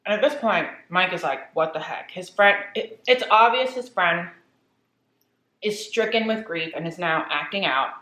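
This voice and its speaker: A woman's voice: fairly low pitch, measured pace, roomy sound, low-quality recording. A woman vlogger who eats on camera while she chats her way through a spooky story. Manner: chatty, animated retelling. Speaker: vlogger telling a horror story. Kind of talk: casual storytelling while eating.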